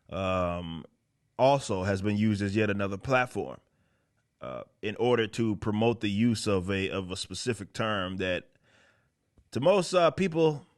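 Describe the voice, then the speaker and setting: A man hosting a comic book commentary channel, talking in a blunt, profane, sarcastic way and rambling through self-corrections. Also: medium pitch. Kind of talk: casual ranting commentary.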